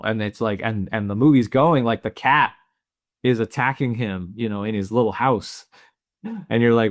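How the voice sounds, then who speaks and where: A man co-hosting a movie podcast, chatting in a relaxed way and acting out his own reactions. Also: fairly low pitch, moderate pace, no room sound, clean studio sound. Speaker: podcast co-host. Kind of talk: casual movie podcast chat.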